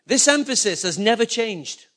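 High-voiced man preaching a sermon. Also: lively intonation, moderate pace, fairly bright tone. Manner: preaching with rhetorical questions to the congregation. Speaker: pastor.

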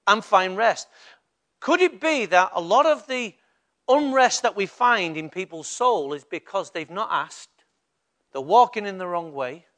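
A man's voice: high voice, expressive, unhurried, fairly bright tone. A male pastor preaching a sermon in a conversational way, rising to emphatic bursts.

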